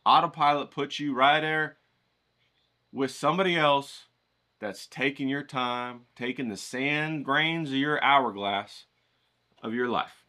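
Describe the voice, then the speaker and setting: A man's voice: medium pitch, slow, pushed and bright. A man giving a folksy, profane motivational rant to his stream audience. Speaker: art streamer.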